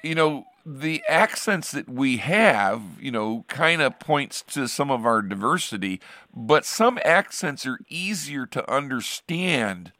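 A man's voice: mid-range voice, sing-song, takes it slowly, pushed and bright, dry recording, clean studio sound. An older man from Ohio, a pastor hosting a casual chat, telling rambling stories with frequent restarts and chuckles. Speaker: pastor and show host.

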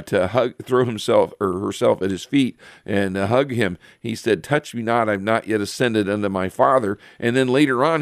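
A man giving a Bible teaching, reading verses aloud and explaining them with frequent pauses and fillers. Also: fairly low pitch, dry recording, clean studio sound.

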